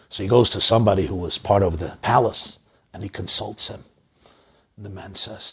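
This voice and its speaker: A man preaching a sermon, unfolding a parable in a measured, dramatic way. His voice is low and very husky, and he often drops to a quiet, intense delivery. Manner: measured, dramatic, dropping to soft emphasis. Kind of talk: sermon storytelling.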